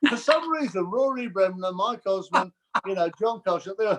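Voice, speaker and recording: An older man chatting as a guest, telling lively stories and mimicking voices. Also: high voice, normal speed. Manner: animated storyteller, mimics voices. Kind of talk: casual chat.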